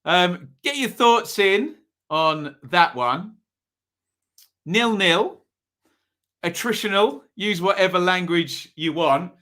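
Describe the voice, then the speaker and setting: He speaks slowly, with long pauses, in a high, bright, forceful voice full of lively intonation. The man has an East Anglian accent and hosts a live football watch-along, chatting over the match and responding to viewers in the chat.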